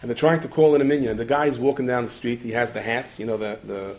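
Fast-talking storytelling preacher, man. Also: mid-range voice, steady tone. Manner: rapid, digressive, with repeated restarts and asides. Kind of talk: storytelling sermon.

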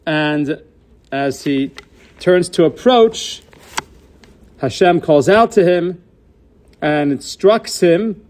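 A man's voice: on the high side, animated, drawn-out words, pauses often, a little mellow. A man giving a Torah lesson, posing questions and answering them, weaving Hebrew terms into his English. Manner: inquisitive, poses questions then answers them; mixes Hebrew and Yiddish-style terms into English. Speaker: Torah teacher. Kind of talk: Torah class lecture.

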